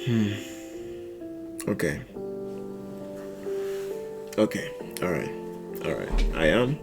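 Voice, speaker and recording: Animated young streamer guy, lively voice. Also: low-pitched, drawn-out words, gravelly, loud music behind the voice. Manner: animated, laughing, swings between loud outbursts and mumbling. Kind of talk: casual livestream chat.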